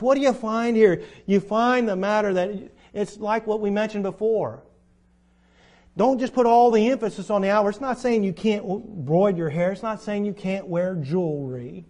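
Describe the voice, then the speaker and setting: Reading from scripture at normal speed, a high-voiced male preacher gives an emphatic sermon. His loudness rises and falls as he speaks.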